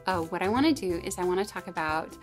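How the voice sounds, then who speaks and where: A woman's voice: on the low side, lively intonation, fast talker, soft background music. A middle-aged woman giving casual parenting advice, telling a personal story in a chatty way with frequent restarts. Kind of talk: casual advice talk to camera.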